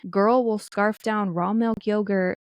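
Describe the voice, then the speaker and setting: A woman's voice: medium pitch, fairly even intonation, a little slow, smooth. A woman in her thirties co-hosting a casual family podcast, chatting and telling stories about her kids, mimicking what they say. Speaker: podcast co-host.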